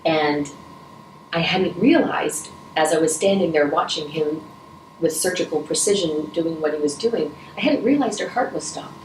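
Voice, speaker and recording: A woman's voice: sits low, normal speed, a little mellow. A middle-aged woman answering interview questions, earnest and emotional, with many restarts and moments where she chokes up. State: choked up at times. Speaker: interview guest, Rotary vice president. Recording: echoey room, from a distance, faint noise.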